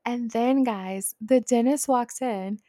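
A woman's voice: fairly high pitch, slow, dry recording, studio quality. A woman in her twenties telling a personal story in a casual, chatty way, full of "like" fillers. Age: 20s. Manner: chatty, animated, lots of "like" fillers. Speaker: vlogger.

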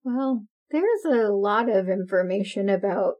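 A woman's voice: mid-range voice, expressive, unhurried, a little mellow. A woman co-hosting a podcast, chatting casually and laughing often. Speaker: podcast co-host. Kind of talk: casual chat.

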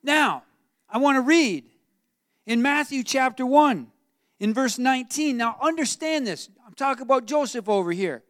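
A man's voice: very high-pitched, moderate pace, no room sound, studio quality. A man preaching a sermon, switching between storytelling and direct questions to the congregation. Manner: animated preaching, acts out Joseph's voice, asks the room questions. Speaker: pastor.

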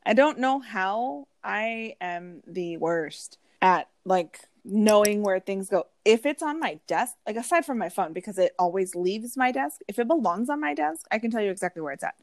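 A woman in her thirties chatting casually as a podcast co-host, telling animated stories and acting out what people said. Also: medium pitch, normal speed, hardly any pauses, no echo. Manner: chatty, animated storytelling with acted-out quotes and swearing. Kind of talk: casual chat.

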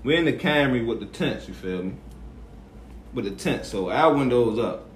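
A man's voice: medium pitch, normal speed. A man hosting a casual podcast, telling stories and acting out quotes. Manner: animated storyteller, acts out quotes. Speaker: podcast host. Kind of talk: casual chat. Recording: echoey room, faint noise.

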